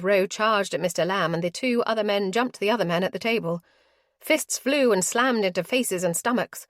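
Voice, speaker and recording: A woman narrating a historical romance audiobook in a steady, expressive reading. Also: a little high, dry recording, studio quality.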